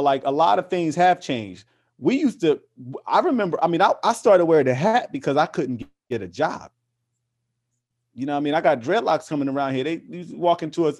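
A man's voice: on the high side, darkish tone. A man being interviewed, talking with passion and emphasis, often repeating words as he builds a point. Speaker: interview guest, activist. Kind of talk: casual interview conversation.

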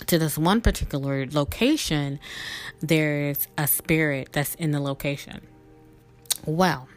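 Low-voiced New woman telling stories. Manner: emotional, chatty, laughs often, many fillers. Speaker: podcast host. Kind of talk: casual spiritual storytelling.

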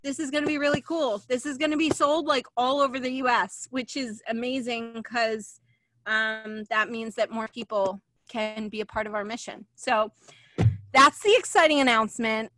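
Livestream host, woman, emotional and rambling; bright tone, dry close sound. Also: on the high side, fairly even intonation, measured pace, no echo. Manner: emotional, chatty, many fillers. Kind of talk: casual livestream chat.

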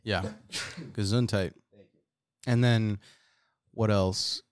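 A man's voice: on the low side, steady tone, drawn-out words, a little hiss or hum. A man hosting a podcast in casual chat, laid-back and joking, with some swearing. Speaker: podcast host.

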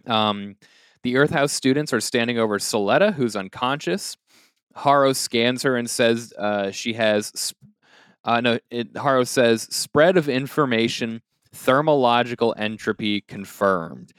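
A man's voice: mid-range voice, measured pace, fairly bright tone, smooth, dry recording, studio quality. A young man co-hosting a podcast, casually recapping an anime episode with jokes and fillers. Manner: joking, rambling recap with fillers. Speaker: podcast co-host.

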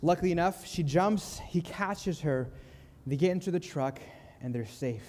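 A young man preaching a sermon, telling a story in a calm, earnest way and slowing down softly on key lines. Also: a little high, long reverb tail. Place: church sanctuary.

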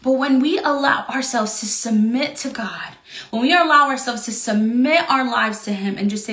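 An earnest woman teaching from the Bible in a devotional talk, expressive and given to repeating phrases. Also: on the high side, normal speed, roomy sound.

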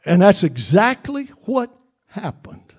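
A man preaching, his voice pitched high for a man. His delivery is fervent and repetitive, building toward shouts, and he drawls slowly through his sermon. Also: big pitch swings, slightly rough.

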